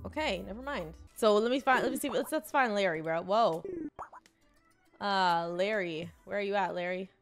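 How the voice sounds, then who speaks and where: A woman's voice: medium pitch, moderate pace, soft background music. A young woman gaming streamer giving casual, slangy commentary and talking to herself as she plays. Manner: slangy, chatty, talks to herself.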